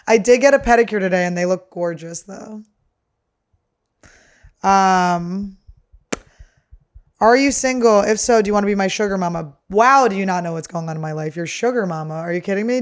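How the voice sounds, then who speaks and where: A woman hosting her comedy podcast, talking in a loose, rambling monologue. She rants with crude, sarcastic jabs at her own stories. Her voice sits at a middling pitch. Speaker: podcast host.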